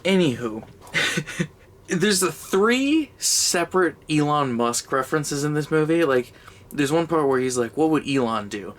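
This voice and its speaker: A man's voice: fairly high pitch, animated, a little slow. A young man giving a casual, rambling comedic movie review, sarcastic and sweary, laughing as he goes.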